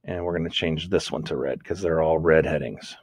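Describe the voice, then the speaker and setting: Man, teacher, very deep voice, thinks aloud while typing, self-correcting, dry close sound. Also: fairly quick, darkish tone, husky, dry recording. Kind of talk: screen-recorded lesson on outlining notes.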